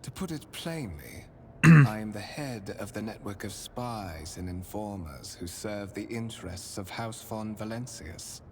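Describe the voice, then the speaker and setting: A suave, low-voiced spymaster. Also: male voice, expressive. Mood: grave. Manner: formal, measured, faintly menacing courtesy. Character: suave male spymaster, courtly and calculating. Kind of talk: video game voice acting. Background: game music.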